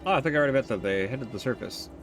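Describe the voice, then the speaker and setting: A man's voice: mid-range voice, expressive, very fast, background noise. A young adult man streaming a video game, giving chatty, rambling commentary with lots of fillers. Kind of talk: casual let's-play commentary.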